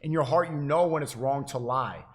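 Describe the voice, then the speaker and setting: A man's voice: medium pitch, moderate pace. A man livestreaming, giving an insistent, preachy monologue to his chat, often repeating and restarting his phrases.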